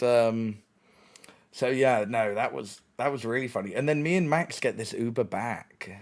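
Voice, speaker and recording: A young man streaming, casually telling a story with lots of swearing, laughter and restarts. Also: mid-range voice. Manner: animated, sweary, laughing often, many restarts.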